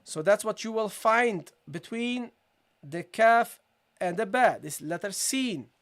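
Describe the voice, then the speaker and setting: In a live-streamed tajweed lesson, a man with a high-pitched, fairly bright voice and lively intonation teaches Quran recitation online. He speaks patiently, repeats points, checks in with viewers, and demonstrates sounds slowly.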